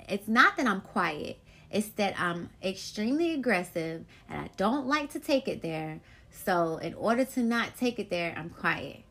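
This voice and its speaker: A woman talks straight to her listeners as a solo podcast host. Her delivery is blunt and profane, and she tells her stories in an animated, rambling way. Her voice sits at an ordinary middle pitch for a woman. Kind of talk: casual solo podcast monologue.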